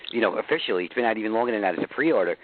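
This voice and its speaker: A man with a New York accent talks quickly as a radio guest, loose and profane, laughing often. His voice comes through a narrow, tinny phone line that sounds dry and close. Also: fairly low pitch, lively intonation, dry recording. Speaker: guest musician. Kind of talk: casual radio interview chat.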